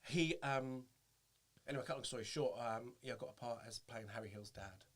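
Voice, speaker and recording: A man's voice: mid-range voice, a little fast. A man, an impressionist, telling anecdotes animatedly in a casual interview and slipping into voices as he goes. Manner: animated storytelling, jumps into voices, laughs often. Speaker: guest, impressionist.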